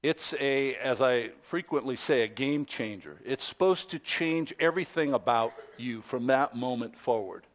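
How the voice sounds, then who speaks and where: A man in his fifties, a pastor, giving a conversational sermon, telling a story in a relaxed way with many ums and light jokes. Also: medium pitch, moderate pace, hardly any pauses.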